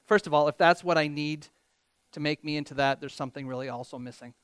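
A man preaching a sermon as pastor, animated, reading scripture with rising emphasis and joking about himself. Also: on the high side, fast, smooth, dry recording. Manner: animated, quotes scripture with rising emphasis, self-deprecating humor.

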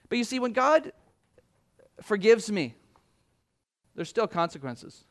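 High-voiced male pastor preaching. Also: slow, long pauses. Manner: paraphrases scripture in lively acted voices. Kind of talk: sermon.

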